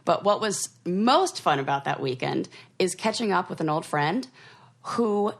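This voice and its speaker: A woman's voice: lowish voice, animated, measured pace, creaky. A woman co-hosting a podcast in casual chat, talking loosely with lots of fillers and trailing sentences. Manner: chatty, many fillers, trails off. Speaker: podcast co-host.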